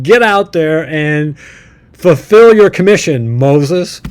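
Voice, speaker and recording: A man with a slightly high voice talks through a Bible story as a casual teacher. He reads the verses aloud and breaks in with folksy, chuckling remarks. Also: slow, smooth. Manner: folksy, chuckling asides, lively verse reading. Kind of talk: casual Bible commentary reading scripture aloud.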